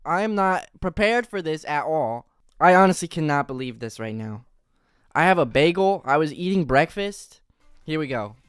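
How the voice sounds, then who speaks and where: Young male streamer, breathless and hyped, smooth voice with a slightly high pitch, dry close sound. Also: normal speed, dry recording. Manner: excitable, rambling, loud bursts of enthusiasm. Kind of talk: excited live reaction stream.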